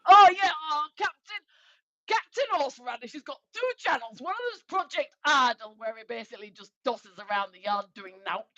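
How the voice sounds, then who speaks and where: A woman with a high, bouncy voice that leaps all over the place, laughing her way through a casual livestream as she reads out viewer comments. The sound is dry and dull, like lo-fi stream audio. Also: animated, normal speed, bright, forceful tone, dry recording. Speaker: livestream co-host.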